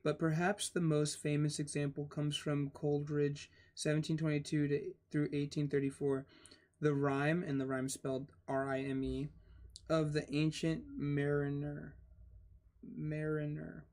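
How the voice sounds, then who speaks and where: A young man reading a textbook aloud with casual asides, pausing to spell out words letter by letter and getting excited over odd spellings. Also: a little high. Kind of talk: casual read-aloud with commentary.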